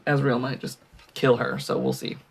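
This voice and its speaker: A man's voice: medium pitch, completely flat delivery, moderate pace, vocal fry, husky. A man giving casual commentary over a mobile game he plays, thinking aloud with many ums and sighs, and hiccuping now and then. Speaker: gaming channel host.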